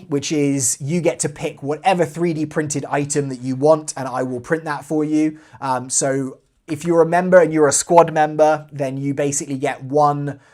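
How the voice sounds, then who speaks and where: A man's voice: a little high, a little mellow. A man hosting a live airsoft stream, chatting casually and reading out viewer comments between giveaway talk. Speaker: airsoft channel host.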